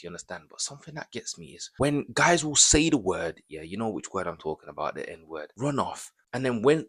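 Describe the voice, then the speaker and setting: A man doing ranting reaction commentary, indignant and repetitive, full of slang. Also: fairly low pitch. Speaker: commentary YouTuber.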